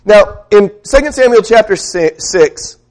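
Man preaching in a slightly high voice. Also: expressive, measured pace, a little mellow. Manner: conversational storytelling with questions to the congregation. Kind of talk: sermon.

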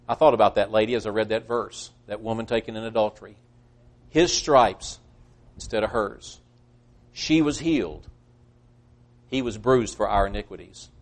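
A male preacher giving a sermon, earnest and emphatic, quoting scripture at length. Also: mid-range voice.

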